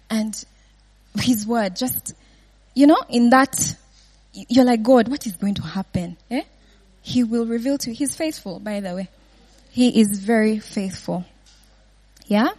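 A woman's voice: on the high side, darkish tone. A woman giving an informal Bible teaching, often laughing and checking in with her listeners with "yeah?" and "right?".

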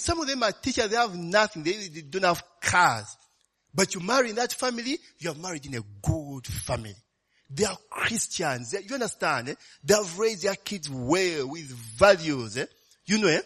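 A man preaching in a conversational, animated way, often tagging lines with "eh?". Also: sits high, slightly rough. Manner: conversational, keeps asking "eh?" and "you know". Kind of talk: sermon.

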